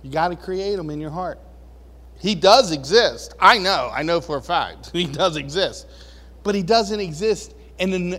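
High-voiced man preaching in a reverberant hall. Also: a bit bright. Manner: conversational, chuckles often, acts out quoted voices. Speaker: pastor. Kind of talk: casual sermon. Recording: long reverb of a large hall.

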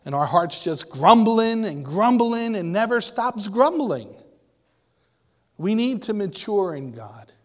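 A man's voice: sits high, sing-song, takes it slowly. A man preaching a sermon, speaking emphatically and asking the congregation questions. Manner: emphatic, rising and falling, asks the congregation questions. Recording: long hall reverb.

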